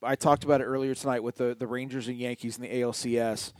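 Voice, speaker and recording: A middle-aged man co-hosting a podcast, chatting casually about sports and telling stories with drawn-out, emphatic words. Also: medium pitch, no echo, clean studio sound. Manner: animated storyteller, stretches key words. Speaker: podcast co-host.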